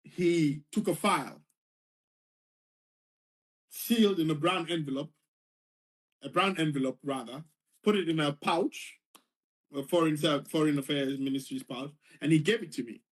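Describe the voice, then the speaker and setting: A man tells a personal story in an earnest, vivid way, circling back to repeat key phrases. His voice sits fairly high for a man. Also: unhurried, pauses often. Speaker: former foreign service official telling his story.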